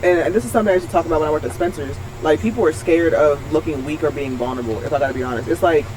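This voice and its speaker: A man's voice: a little high, rapid-fire, a little mellow, slight background noise, rough recording. A young man co-hosting a casual podcast, telling stories bluntly with lots of swearing. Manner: blunt, profane, storytelling. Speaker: podcast co-host.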